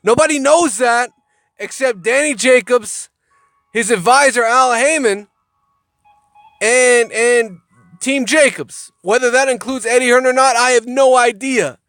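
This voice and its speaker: A man's voice: extremely high pitch, unhurried, fairly bright tone, no echo, faint music behind. A man giving heated, profane boxing commentary, often repeating words as he gets worked up. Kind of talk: casual ranting commentary.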